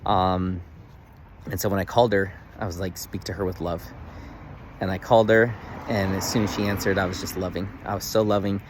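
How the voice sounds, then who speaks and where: A man in his thirties talking casually to the camera in a daily video diary, earnest and animated, full of "like" fillers. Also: deep voice, a little fast, background noise. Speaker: vlogger.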